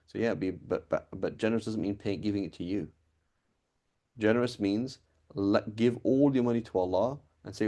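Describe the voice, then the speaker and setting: A man with a low, gravelly voice gives a relaxed classroom lecture on religious law. His tone is dark and mellow, and he keeps checking in with listeners as he explains. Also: moderate pace. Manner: explains conversationally with frequent "right?" checks. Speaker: teacher of Islamic law.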